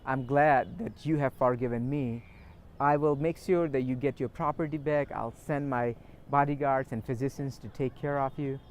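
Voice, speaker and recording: A man's voice: mid-range voice, steady tone, moderate pace, slight background noise, close to an everyday voice. A man voicing a humble, grateful king in a polite, earnest way as he tells a story.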